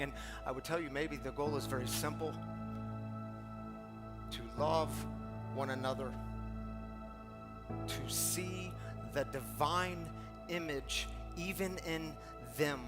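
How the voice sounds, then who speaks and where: A middle-aged man, a pastor, giving an earnest, confessional sermon that swings from hushed to emphatic, often repeating words. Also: on the high side, slow pace, pauses often. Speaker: pastor of a recovery community. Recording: long hall reverb, faint music behind.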